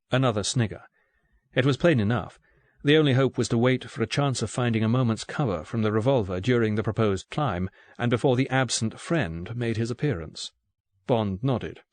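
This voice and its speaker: A man narrating an audiobook in a steady, even reading voice. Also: on the low side, moderate pace, no room sound. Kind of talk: scripted narration.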